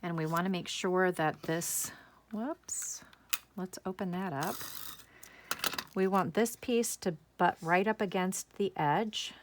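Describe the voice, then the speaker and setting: Working through a casual craft tutorial step by step, a woman chats enthusiastically and talks to herself as she goes. She has a lowish voice, and there is slight background noise.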